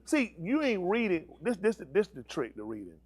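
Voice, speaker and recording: A man's voice: high voice, normal speed. A male pastor preaching a sermon, asking the congregation questions and teasing them in slang. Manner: animated preaching with call-and-response questions and slang.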